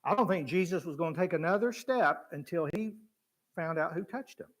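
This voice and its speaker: Speaking fairly quickly in a voice on the high side, a man preaches in church through casual, conversational Bible teaching. He acts out the people in the story, shifting voices with energy and chuckling.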